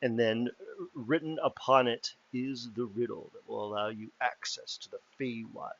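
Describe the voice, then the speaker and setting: A man's voice: medium pitch, fairly even intonation, moderate pace, vocal fry, fairly bright tone, muffled recording. A man narrating a tabletop game as game master in a casual, loose way.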